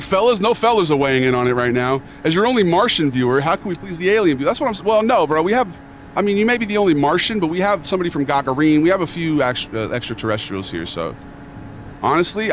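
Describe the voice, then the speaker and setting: A man's voice: fairly high pitch, slight background noise. A young man streaming live and chatting casually, full of slang, rambling and reading chat aloud.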